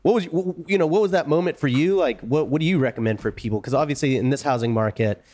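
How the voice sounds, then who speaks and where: A man hosting a casual conversation, telling a story in a lively, animated way. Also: medium pitch, fast. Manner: animated storyteller, laughs and acts out quotes. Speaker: podcast host.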